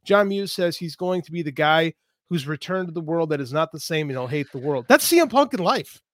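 A man's voice: fairly high pitch, steady tone, fairly quick, dry recording. A man co-hosting a podcast, giving emphatic, ranting opinions in casual talk. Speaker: podcast co-host.

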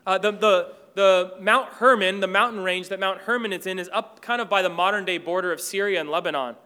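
A man preaching a sermon, earnest, rising loud when he reads scripture and dropping low and soft when he reflects. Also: brisk, smooth.

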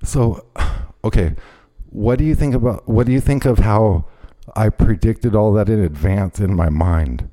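A man with a low, dark, mellow voice tells a story in a heated, profane rush. He keeps breaking into loud acted-out quotes of what he shouted. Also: unhurried. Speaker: podcast host. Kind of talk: casual chat, storytelling.

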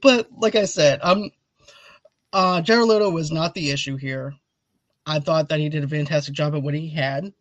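A talkative man hosting a casual review chat, his voice pitched a little high. The sound is dry and somewhat dull, like a home recording. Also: normal speed, no echo. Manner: animated, talkative, asks viewers to comment. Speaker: video host.

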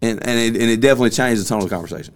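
A man's voice: mid-range voice, rapid-fire. A man, hosting a casual podcast and telling a story bluntly. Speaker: podcast host.

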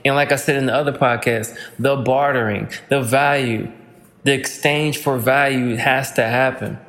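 A man's voice: medium pitch, fairly even intonation, moderate pace, fairly bright tone, in a large hall. A man hosting a podcast, talking alone in a loose, rambling, slangy way that sometimes breaks into playful rhymes. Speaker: podcast host. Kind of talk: casual monologue.

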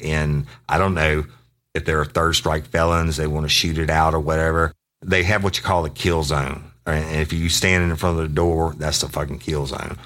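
Ex-deputy guy, real low voice, cussing his way thru a story. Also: a bit bright. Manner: gruff, swearing, acts out both sides of a tale. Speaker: podcast host, retired sheriff's deputy. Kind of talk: profane true-crime storytelling.

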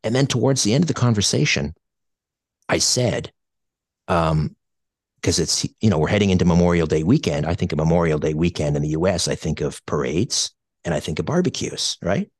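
Deep-voiced middle-aged Canadian man, reflective storyteller, halting delivery, dry close mic. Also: lively intonation, slightly rough, no echo. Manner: hesitant and reflective, many fillers and restarts. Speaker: radio show co-host. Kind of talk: personal storytelling.

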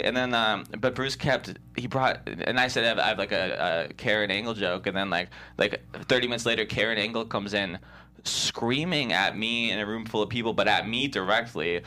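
A man, a comedian, telling a rambling, animated story in casual chat, full of restarts and laughs. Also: on the low side, brisk. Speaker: comedian guest.

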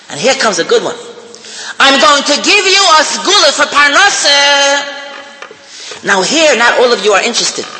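Very high, bright-voiced older man preaching. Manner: animated, joking, repeats phrases, chants prayers. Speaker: speaker giving a talk. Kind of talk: humorous sermon. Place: hall. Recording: echoey hall with faint noise.

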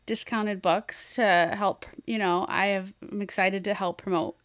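A woman's voice: medium pitch, a little slow, no room sound. Bawdy American woman, podcast co-host, dry close sound, laughs through stories. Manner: bawdy, laughing, animated storytelling. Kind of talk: casual chat.

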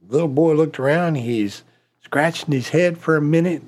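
A man telling folksy jokes in a drawn-out, deliberate storytelling manner. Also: fairly high pitch, darkish tone. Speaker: joke teller.

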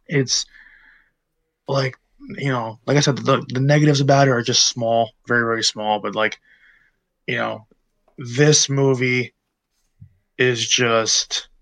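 Man, late twenties, podcast co-host, rambling, lots of fillers, mid pitch, dry sound. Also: a bit bright, dry recording. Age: late 20s. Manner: rambling, many fillers and restarts. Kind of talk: casual movie-review chat.

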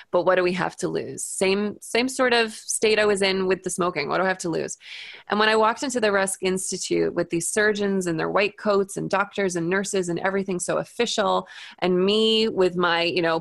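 A woman's voice: mid-range voice, gravelly, a bit bright, no echo. A woman in her thirties telling a dramatic story as a guest in an interview, acting out quotes and laughing often. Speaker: hypnotherapist, guest.

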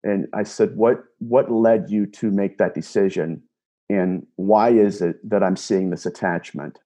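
A lowish, dark-toned male voice with fairly even intonation moves a little slowly through a personal story. The speaker, a self-described empath, recounts a conversation line by line in an earnest, casual way, with frequent repeats and restarts.

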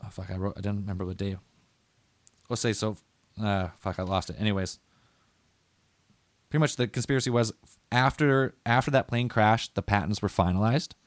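A man's voice: lowish voice, steady tone, normal speed, pauses often, no echo. A man hosting a casual conspiracy podcast, rambling and swearing as he walks through what he read. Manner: rambling, profane, loses his notes. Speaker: podcast host.

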